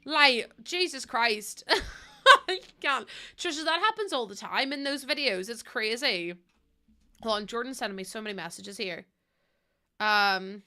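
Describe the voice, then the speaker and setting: A woman's voice: a little high, expressive, a little slow, pushed and bright. A young woman streaming a game, chatting casually while laughing often and swearing freely. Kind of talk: casual chat while gaming.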